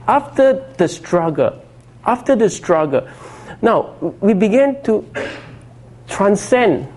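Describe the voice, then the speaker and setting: Brief: middle-aged male pastor, casual sermon delivery, slightly high voice, keeps checking in with listeners. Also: a little mellow. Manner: conversational preaching, frequent 'you know' and 'okay'.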